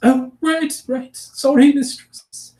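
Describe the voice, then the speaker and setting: A man voicing a small, frightened female goblin servant with a high, squeaky voice and broken, rambling speech. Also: steady tone, slow pace, a little mellow, recorded from a distance, rough recording. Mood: apologetic.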